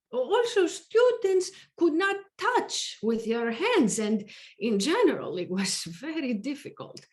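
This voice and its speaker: A woman reading a theatre teacher's testimony in a measured, reflective manner for a verbatim theatre reading. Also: high-pitched, full character voice. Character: woman theatre teacher recalling her students.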